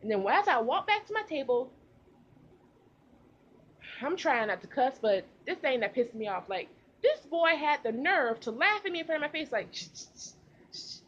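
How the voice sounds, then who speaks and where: A young woman vlogger recording outdoors, telling a casual storytime with animated delivery and slang. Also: high-pitched, moderate pace, long pauses, highs cut off, slight background noise. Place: outdoors in humid heat.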